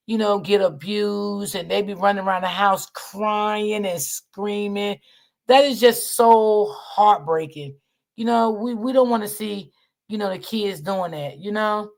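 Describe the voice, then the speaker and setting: A woman's voice: mid-range voice, gravelly. A woman, hosting a casual chat to her viewers, repeating herself and calling them y'all. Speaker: online channel host.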